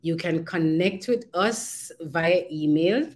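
Jamaican woman, talk-show host, lower voice, lively, slips into patois. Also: slow. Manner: lively, switches into patois, laughs easily. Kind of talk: casual talk-show chat.

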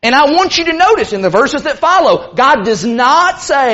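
A man preaching a sermon, earnest and emphatic, slowing down hard to stress key words. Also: extremely high pitch, very animated, pushed and bright. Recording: muffled lo-fi recording.

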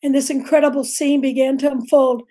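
Middle-aged lady telling her faith story, high voice but soft and mellow, very earnest. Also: little pitch movement, brisk. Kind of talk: testimony in a faith talk show.

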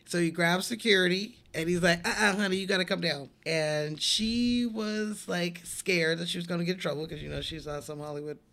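A man with a bright, forceful voice and a gravelly edge tells a story on a casual podcast. He acts out the people he quotes and swears freely. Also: high voice, normal speed, hardly any pauses. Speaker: podcast co-host. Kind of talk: casual movie podcast chat.

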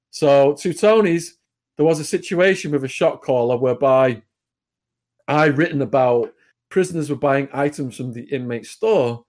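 An English man as an interview guest, speaking at an average pitch. He retells his story briskly and vividly in a conversational tone. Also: a little mellow. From England.

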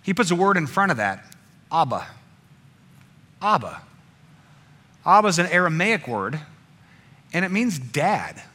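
A male pastor giving a sermon, swinging between emphatic passages and hushed, intimate ones. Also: on the high side, very animated, measured pace, pauses often.

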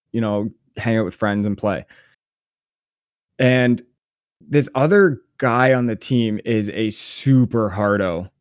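A man co-hosting a podcast, telling a story in casual chat with a sarcastic, profane, animated manner. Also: medium pitch, no echo, studio quality. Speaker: podcast co-host.

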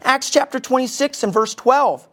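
A man preaching a sermon as lead pastor, animated, often asking the congregation questions. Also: very high voice, moderate pace.

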